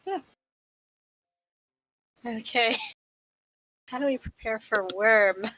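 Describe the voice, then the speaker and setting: Slow, laid-back woman player. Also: on the high side, bright, forceful tone, slight background noise, low-quality recording. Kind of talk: casual tabletop game chat.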